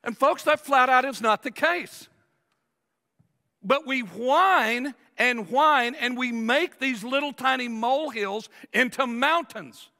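High gravelly preacher in a reverberant hall. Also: male voice, slow pace, bright, forceful tone. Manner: emphatic preaching, acts out whiny voices. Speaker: pastor. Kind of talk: sermon. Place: large church sanctuary. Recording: long reverb of a church hall.

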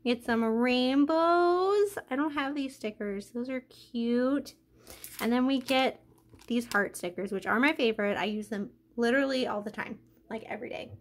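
A woman hosting a craft unboxing vlog, gushing and excitable, filling her talk with "like" and getting emotional and out of breath. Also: fairly high pitch, normal speed. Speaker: craft channel host.

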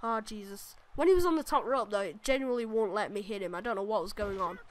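A woman commentating her own wrestling video game match, excitable and swearing, exclaiming at every move. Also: mid-range voice, fast talker. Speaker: gaming channel host. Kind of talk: let's play commentary.

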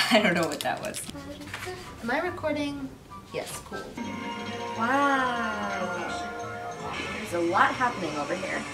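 A woman's voice: a little high, animated, measured pace, music in the background. A young woman talking casually to camera in a chatty, giggly, self-mocking way. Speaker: YouTuber. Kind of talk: casual vlog bloopers.

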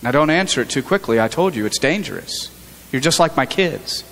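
Male pastor, fairly high voice, earnest conversational sermon, church hall reverb. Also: animated, a little fast, creaky, fairly bright tone. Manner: earnest, conversational preaching with frequent restarts. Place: church sanctuary.

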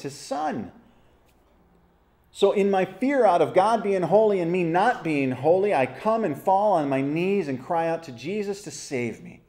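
An animated man teaching a church Bible study, his pitch swooping up and down. His voice is mellow and dark, and he keeps asking the group questions. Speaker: pastor leading a Bible study.

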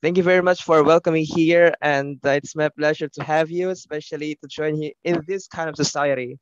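A man speaks in a smooth, resonant voice sitting a little high for a man, and the sound is dry and close. He talks with excitement, often stopping and restarting his sentences. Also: no echo, dull audio. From Philippines. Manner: excited, halting, many restarts and self-corrections. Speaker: English teacher and linguistics postgraduate. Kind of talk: casual online class chat.

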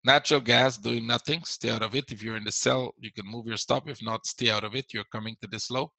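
A man's voice: mid-range voice, steady tone, fairly quick, creaky, sharp tone, dry recording, rough recording. A man teaching a live trading webinar, repeating his points and answering viewers as he goes. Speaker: forex trading instructor.

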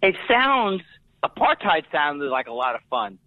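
A man guesting as a comedian on a podcast, telling jokes with punchlines in animated banter. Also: on the high side, unhurried, no echo, narrow, tinny audio. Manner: punchline-driven, self-amused.

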